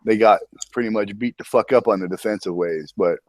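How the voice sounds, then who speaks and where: A man's voice: fairly low pitch, fairly quick, darkish tone, no echo. A man hosting a casual voice-chat show about a strategy game event, easygoing and profane, often chuckling. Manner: laid-back, profane, chuckling. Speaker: podcast host.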